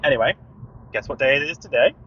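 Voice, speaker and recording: A British man co-hosting a podcast, telling an animated story with laughter and acting out both sides of a phone call. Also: mid-range voice, fast, slight background noise. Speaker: podcast co-host. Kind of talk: casual storytelling chat. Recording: dull lo-fi sound.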